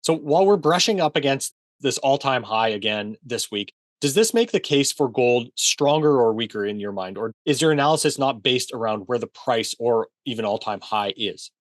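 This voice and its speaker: A man hosting an interview who asks measured questions. His voice sits in the middle range and sounds dry and close to the mic. While his guest talks, he answers mostly with short sounds of agreement. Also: mid-range voice, lively intonation, no echo. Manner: brief assenting backchannels. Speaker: host.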